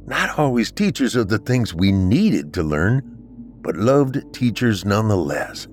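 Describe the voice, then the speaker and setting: A man voicing a grieving ex-military brother who speaks earnestly and then in crisp commands. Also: lowish voice, big pitch swings, a little slow, soft background music. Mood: tender grief.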